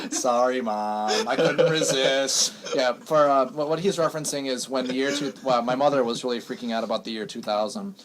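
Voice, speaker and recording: A young man co-hosting a radio show in easy, casual banter. He tells stories with plenty of animation and laughs often, at an everyday mid-range pitch. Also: fairly quick, few pauses. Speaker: radio co-host.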